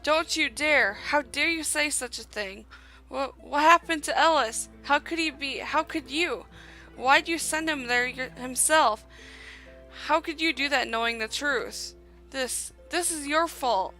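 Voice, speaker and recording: A woman reads out a grieving young woman soldier commander from a fantasy game, accusing and raw, then clipped and official. The voice sits a little high, bright and edged with some fry. Faint game music plays behind her. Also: normal speed. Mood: furious, grieving. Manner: accusing, then stiff and formal.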